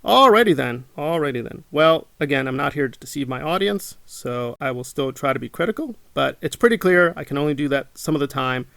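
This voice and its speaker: Indignant man with a gravelly voice. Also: medium pitch, lively intonation, brisk, few pauses, a bit bright, no echo. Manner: indignant, repeats himself, mocks his critics in quotes. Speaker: channel host. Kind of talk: monologue to camera.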